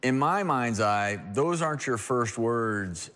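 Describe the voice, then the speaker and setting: A man's voice: medium pitch, animated, slow pace, fairly bright tone. A man hosting a talk show who interviews a guest in an earnest, emphatic way and speaks directly to viewers.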